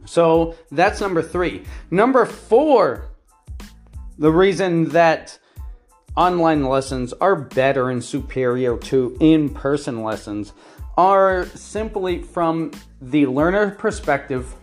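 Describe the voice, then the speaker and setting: An online English teacher talks to learners at an unhurried, deliberate pace, going through a numbered list of points. The speaker keeps asking "right?" and sounds keen, with soft music faintly under the voice. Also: mid-range voice, lively intonation. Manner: enthusiastic, repeats "right?" and lists points by number. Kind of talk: talking-head advice to learners.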